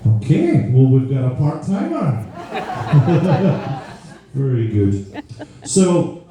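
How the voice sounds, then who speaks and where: A man's voice: mid-range voice, huge pitch swings, slow, a crowd in the background. A man performing a live stand-up routine, telling a rambling story that keeps interrupting itself. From Scotland. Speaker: stand-up comedian. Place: live comedy venue. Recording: roomy live venue, mic far off.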